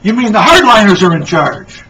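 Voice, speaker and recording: A man doing a bewildered shouting Soviet cosmonaut. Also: very high voice, sing-song, measured pace, pitched above the performer's own voice, exaggerated voice. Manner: incredulous, shouting alarm. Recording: distant dull lo-fi mic with faint noise.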